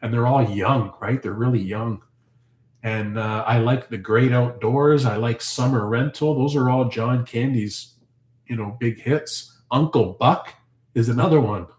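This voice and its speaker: A man in the middle of a rambling live chat, answering viewers and thinking out loud as he goes. His voice sits at an ordinary middle pitch. The room around him rings with a noticeable echo. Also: unhurried. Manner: rambling, chatty, thinks aloud with fillers. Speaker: homestead channel host.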